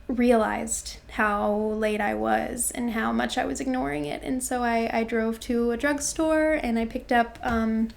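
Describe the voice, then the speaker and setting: A woman in her twenties telling her personal story in an interview, reflective and halting, with many fillers and restarts. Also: a little high, vocal fry. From Florida, USA. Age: 20s.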